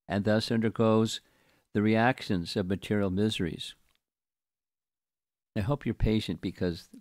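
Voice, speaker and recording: Older man reading scripture, slow and deliberate. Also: on the low side, a little mellow, no echo, clean studio sound. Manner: slow, deliberate reading with chanted verse recitation. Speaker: spiritual teacher giving a scripture class. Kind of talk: scripture class, reading and commenting.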